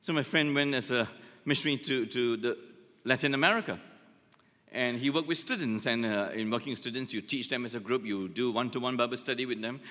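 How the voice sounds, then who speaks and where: Male pastor, lively and emphatic, bright ringing voice, church hall reverb. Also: mid-range voice, fairly quick. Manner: emphatic, repeats points, joking asides. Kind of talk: sermon.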